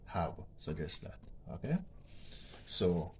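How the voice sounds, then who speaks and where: A man's voice: low-pitched, unhurried, dark tone, slight background noise. A man teaching a grammar lesson, explaining patiently and checking in with "okay?" as he repeats each point. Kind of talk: educational vlog lesson.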